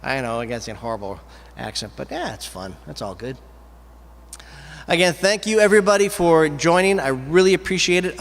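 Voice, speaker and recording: A man hosting his own live music show, chatting casually between songs in a rambling, easygoing way with quick asides. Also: a little high, fairly bright tone, in a large hall.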